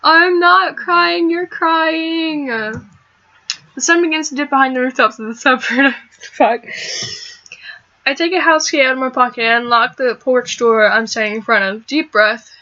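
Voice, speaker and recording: Bright-voiced woman reading a game aloud. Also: on the high side, moderate pace, dull audio. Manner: animated, laughs and swears at the game. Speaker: let's play gamer. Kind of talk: reading a visual novel aloud with reactions.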